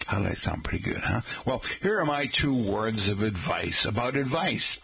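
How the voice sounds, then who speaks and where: A man's voice: on the low side, big pitch swings, moderate pace, vocal fry, hardly any pauses, a bit bright, husky. A man hosting a radio show in a casual, rambling, folksy way, chatting to his listeners with plenty of asides.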